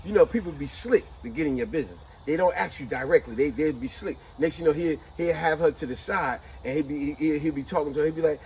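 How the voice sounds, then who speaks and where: A man hosting a casual chat, telling a story in an animated, conversational way. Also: a little high, fast, hardly any pauses, slight background noise, low-quality recording. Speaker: host.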